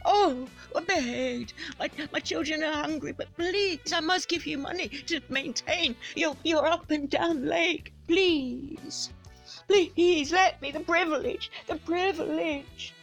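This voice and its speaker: A woman's voice: high voice, creaky, faint music behind, pitched above the performer's own voice, heavily acted. A woman playing a melodramatic begging believer. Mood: pleading. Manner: melodramatic, drawn-out pleading. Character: pleading poor devout woman begging to donate.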